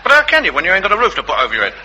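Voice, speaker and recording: Comedy sketch: a scrounging ex-soldier tramp, fast-talking and wheedling, with a very bright voice. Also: male voice, sits high, wildly swooping pitch, husky, heavily acted, poor audio. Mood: self-pitying. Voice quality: wheedling, working-class speech. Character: wheedling, self-pitying male tramp and ex-soldier.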